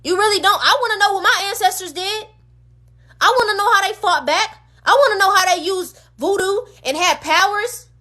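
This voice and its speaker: A woman with a very high, bright, cutting voice speaks into her phone on a livestream. She rants with fervent emphasis, circling back to the same pointed questions again and again. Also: moderate pace. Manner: emphatic, repetitive rhetorical questions. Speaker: streamer. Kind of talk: impassioned livestream rant.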